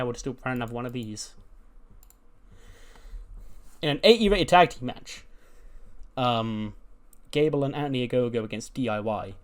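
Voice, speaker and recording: A man casually recapping a wrestling booking game, chatty and full of fillers. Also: medium pitch. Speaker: gaming YouTuber. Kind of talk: casual commentary on a wrestling sim.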